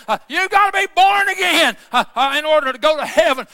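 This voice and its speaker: A pastor delivers an impassioned sermon, his very high voice ringing with a sharp, forceful edge. He peppers his lines with "uh" and keeps pushing toward shouted declarations. The sound is dry and close, with no room echo. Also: expressive, brisk, few pauses. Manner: impassioned preaching that swells into shouts, many "uh" fillers. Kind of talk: fervent sermon.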